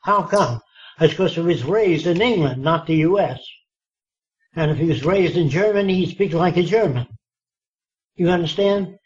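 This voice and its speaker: A man's voice: on the high side, moderate pace, pauses often, dull audio. A man in his nineties telling anecdotes in an interview, acting out quoted dialogue with emphatic asides. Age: 90s. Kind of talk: storytelling in a relaxed interview.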